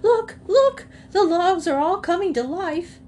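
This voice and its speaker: A woman voicing an excitable, fussy female hen who complains and cries out shrilly in a storybook reading. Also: very high-pitched, a little slow, slight background noise, pitched above the performer's own voice. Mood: alarmed.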